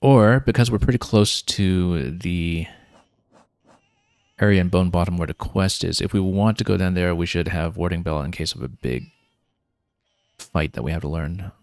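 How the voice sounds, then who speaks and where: In a low voice at normal speed, a man talks through his gameplay on stream, planning his next moves aloud with casual filler words. There's no room sound.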